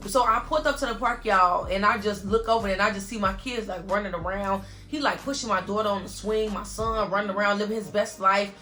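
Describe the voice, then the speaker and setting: A young woman vlogger talks briskly with few pauses, her medium-pitched voice pushed and bright. She earnestly tells her viewers an emotional story, constantly addressing them as "y'all."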